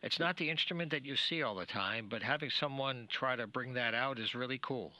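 A man's voice: medium pitch, a little fast, dry recording, muffled recording. A man hosting a local radio show, chatting casually with a guest and rambling into personal stories. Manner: chatty, rambling, drops to a hush when telling a personal story. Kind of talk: casual radio interview chat. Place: radio studio.

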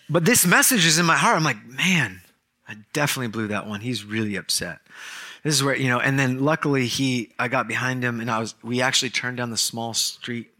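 Bright-voiced joking male pastor. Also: medium pitch. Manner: storytelling, joking, quick asides. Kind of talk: sermon.

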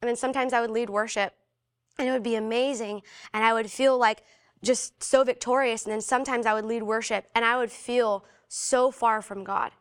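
A young woman with a fairly high voice tells a personal story to an interviewer. Her delivery is casual and animated, full of "like". She acts out the voices of the people she quotes. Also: normal speed. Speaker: guest sharing a personal testimony.

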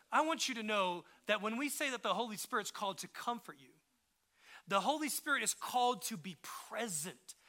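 A male pastor delivers an impassioned sermon, moving between quiet, gentle passages and forceful climaxes, with lots of chatty digressions and rapid restarts. His voice sits high.

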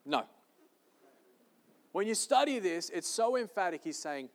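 Pastor, male, high-pitched and emphatic, preaching in a big reverberant hall. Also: very animated, measured pace. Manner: emphatic, repeating key phrases. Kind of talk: sermon. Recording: long reverb of a large hall.

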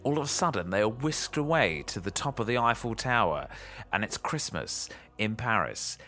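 A man's voice: on the low side, expressive, moderate pace, sharp tone. A man hosting a podcast, chatting casually and making playful joking guesses about a film. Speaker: podcast host. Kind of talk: casual chat.

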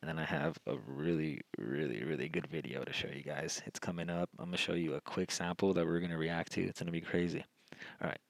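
A low-voiced man hosting a solo podcast, his voice gravelly and full of fry. He talks in a rambling way, circling back and restarting his sentences. The sound is dry and close. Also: steady tone, fast talker, no room sound, low-quality recording. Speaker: podcast host. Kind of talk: solo political podcast monologue.

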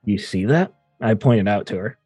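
A man's voice: on the low side, animated, moderate pace, warm tone, slightly rough, no room sound, clean studio sound, soft background music. A man playing a tabletop game, giving short, casual replies in and out of character. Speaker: player.

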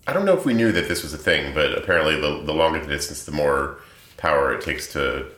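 Casting note: man with a very deep yet bright, forceful voice, easygoing co-host. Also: expressive, quick pace. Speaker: podcast co-host. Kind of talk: casual book discussion. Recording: roomy echo.

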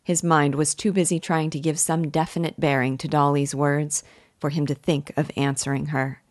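Low-voiced woman reading a novel aloud. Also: flat delivery, moderate pace, no room sound, studio quality. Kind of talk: audiobook narration.

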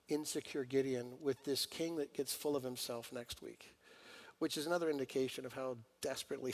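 A male pastor delivering an animated sermon with a fairly high voice. He swings from loud, urgent pleading to hushed, intimate asides and keeps talking straight to his congregation.

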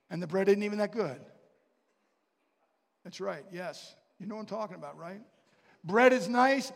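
A man's voice: high-pitched, a little mellow. A man preaching a sermon, telling stories and asking the congregation questions. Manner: storytelling, with asides and questions to the congregation. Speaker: pastor. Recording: long reverb of a large hall.

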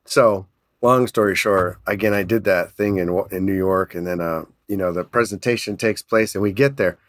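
A man telling a business story in an energetic, animated way, laughing often. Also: low-pitched, moderate pace, no room sound, studio quality. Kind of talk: casual storytelling.

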